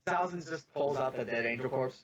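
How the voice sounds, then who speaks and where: A man's voice: medium pitch, fairly quick, highs cut off, slight background noise. A man playing in a tabletop game, talking in a playful, teasing way. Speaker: player.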